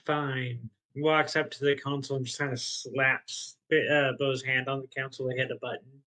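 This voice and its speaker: A man's voice: medium pitch, little pitch movement, a little fast, bright, forceful tone, low-quality recording. A man at a tabletop game session, his voice sitting in a middle register. He narrates what his character does step by step and slips in jokes between the action. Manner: describes actions in third person, jokey. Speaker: player. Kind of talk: tabletop role-play.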